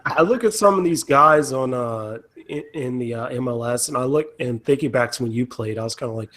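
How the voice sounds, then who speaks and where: A man's voice: medium pitch, brisk, few pauses, a bit bright. A man hosting a casual sports podcast, asking questions and teasing his guest. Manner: teasing, asks questions, gropes for names. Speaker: podcast host.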